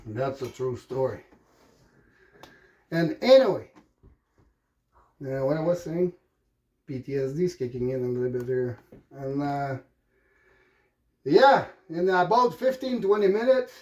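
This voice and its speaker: A middle-aged man with a French Canadian accent tells a personal story in a loose, rambling monologue. His voice sits a little higher than most men's. He starts over often and fills his pauses with "uh". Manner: rambling, animated, frequent fillers and restarts. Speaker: vlogger telling a personal story.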